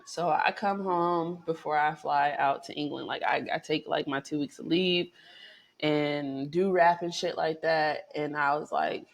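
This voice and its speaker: A woman vlogger chats straight to her viewers in a loose, profane storytelling style. Her voice jumps up in pitch and volume when she gets excited, then sinks low and quiet for asides. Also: measured pace, vocal fry. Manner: animated, profane, chatty storytelling with swings in pitch and loudness. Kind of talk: casual storytelling to camera.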